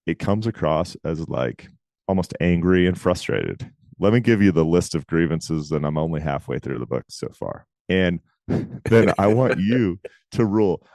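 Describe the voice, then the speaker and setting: Male co-host, deep voice, emphatic casual delivery, dry recording. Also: animated, creaky, a little mellow, no echo. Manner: talkative, emphatic, quick asides. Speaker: podcast co-host. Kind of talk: casual chat.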